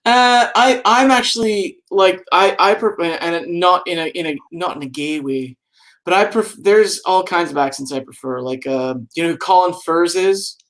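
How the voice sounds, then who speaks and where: A man with a somewhat high voice chats casually on a live stream. He rambles playfully from one topic to the next and hums to himself. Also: moderate pace, fairly bright tone. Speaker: podcast co-host.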